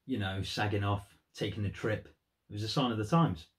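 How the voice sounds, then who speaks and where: A man's voice: on the low side, normal speed. A man giving earnest, thoughtful commentary on song lyrics in a vlog. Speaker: music vlogger.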